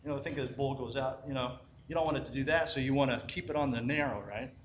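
A man preaches in a loose, conversational way, stopping to ask "right?" and restarting his sentences as he tells a simple parable. His voice sits at an ordinary pitch and carries the ring of a reverberant room, with a faint hum of ambience behind it. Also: fast. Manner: conversational, repeats "right?", frequent restarts and fillers. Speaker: Christian teacher. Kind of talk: informal sermon with a parable.

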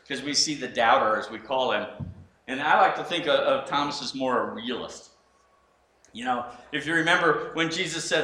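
A man preaching a sermon in an animated way, acting out scenes, in an echoey room. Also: on the high side. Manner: animated, acts out scenes, frequent restarts. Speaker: pastor.

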